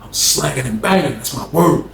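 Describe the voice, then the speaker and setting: A man's voice: mid-range voice, animated, normal speed, vocal fry, noisy background. A young adult man from Norfolk, Virginia, casually telling a story and acting out other people's voices, dropping "man" and "bro" into his lines. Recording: echoey room, faint ambience.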